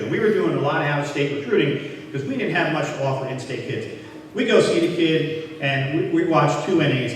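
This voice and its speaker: A man's voice: on the high side, a little hiss or hum. An older man giving a self-deprecating, anecdote-filled speech at an awards event, acting out old conversations as he goes. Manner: anecdotal, self-deprecating, quoting others in dialogue. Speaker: hall of fame inductee speaker. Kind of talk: storytelling speech. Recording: echoey hall from far off.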